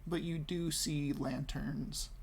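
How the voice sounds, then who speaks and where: A man narrating as game master in a slow, halting way. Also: on the high side, steady tone, a little mellow. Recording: faint background noise.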